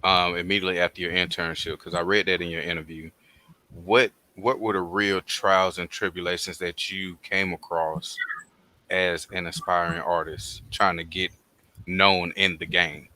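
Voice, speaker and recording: Deep, bright-toned panelist man. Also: little pitch movement. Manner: measured, slow questioning. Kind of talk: casual panel chat over a livestream. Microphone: video call.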